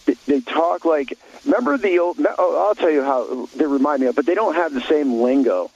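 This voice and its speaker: A man's voice: a little high, lively intonation, brisk, darkish tone, slightly rough, dull audio. A man talking bluntly in an opinionated talk show chat, rambling with many restarts and fillers.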